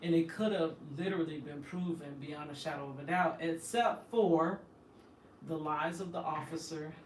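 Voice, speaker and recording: A woman's voice: deep voice, normal speed, a little mellow. A woman host telling her own story in an emphatic, impassioned, indignant way. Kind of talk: emotional personal storytelling. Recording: echoey room, distant from the mic, faint background noise.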